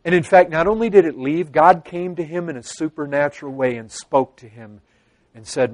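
A man preaching a sermon to his congregation, earnest, with dramatic pauses and quoted pleas. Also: a little high, dry recording. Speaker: pastor.

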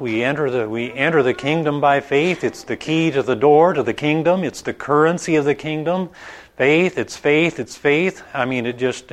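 A man preaching an informal Bible study in a conversational, halting way, with many restarts and asides. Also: mid-range voice. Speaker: pastor.

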